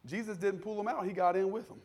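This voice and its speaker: High-voiced preacher man, conversational. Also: fairly even intonation, fast talker, slightly rough. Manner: conversational preaching, acts out quoted voices, builds to shouting. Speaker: pastor. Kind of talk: sermon.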